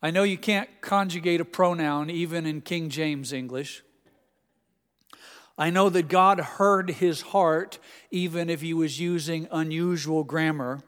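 A man preaching a sermon in a church, telling stories with gentle humor. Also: fairly high pitch, steady tone, a little slow, smooth, in a large hall. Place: church sanctuary.

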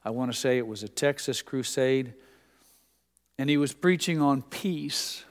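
A man's voice: mid-range voice, measured pace. Older male preacher in a reverberant hall. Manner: conversational preaching with dramatic volume swings. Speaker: pastor. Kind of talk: sermon. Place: church sanctuary.

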